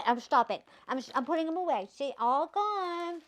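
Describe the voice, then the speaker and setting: A woman reading a rhyming picture book aloud to children, playful, stopping to ask the kids questions and dropping to a whisper at quiet moments. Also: sits high, animated, normal speed, hardly any pauses. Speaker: children's storybook reader.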